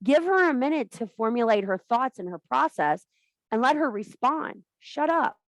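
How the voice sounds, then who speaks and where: A woman's voice: a little high, expressive, normal speed, no echo. A woman giving an impassioned, blunt and profane talk to a women's circle as a spiritual teacher. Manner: blunt, profane, emphatic preaching.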